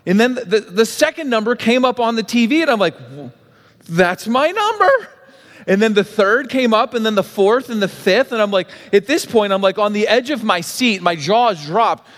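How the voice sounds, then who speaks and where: A man preaching to a church congregation, telling a made-up story and acting out both voices in the conversation with lively shifts. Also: high-pitched, brisk, few pauses, big-room sound. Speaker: pastor. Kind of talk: sermon. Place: church sanctuary.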